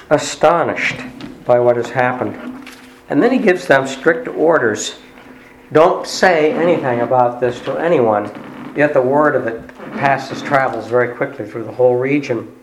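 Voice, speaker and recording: A man delivering a sermon, retelling a story in a conversational way with pauses and fillers. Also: mid-range voice, a little hiss or hum. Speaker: preacher. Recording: roomy echo.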